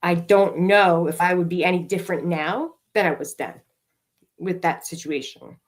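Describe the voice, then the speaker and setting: A woman's voice: fairly low pitch, normal speed. A middle-aged woman co-hosting a podcast, telling a candid, emotional recovery story with plenty of swearing and filler words. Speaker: podcast co-host.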